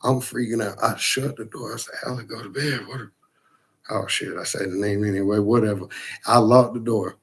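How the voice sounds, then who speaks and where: A man casually telling a profane, animated story about a frightening night. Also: fairly low pitch, brisk, gravelly, slightly rough.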